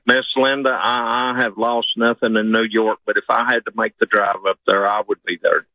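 A man's voice: lowish voice, steady tone, normal speed, no echo. A man, a truck driver, calling in to a talk radio show, earnest and polite. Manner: earnest, polite, says "sir". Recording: muffled phone line.

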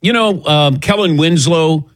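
A man's voice: fairly high pitch, measured pace, no room sound. A middle-aged man hosting a sports radio show, telling a self-mocking story, acting out the quotes, a bit lightheaded. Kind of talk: casual sports radio talk.

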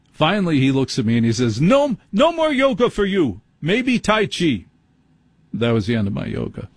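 Male late-night radio host, husky voice, dry close studio mic, wry self-mocking storyteller. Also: medium pitch, a little mellow, no room sound. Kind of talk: rambling comic monologue. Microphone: studio microphone.

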